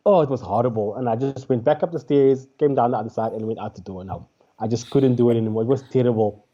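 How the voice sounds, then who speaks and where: A man recounting a stand-up gig as a guest, full of fillers and restarts. His voice sits in a middle pitch and comes through a dull, lo-fi remote connection. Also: fast. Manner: animated storyteller with frequent fillers and restarts. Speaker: guest comedian. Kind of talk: casual interview storytelling. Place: remote call during lockdown.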